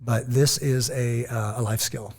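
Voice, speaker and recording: An American man co-hosting a podcast, chatting casually and telling stories, acting out quotes in lively voices. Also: mid-range voice, unhurried. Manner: animated storytelling, quotes others in lively voices. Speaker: podcast co-host. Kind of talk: casual chat.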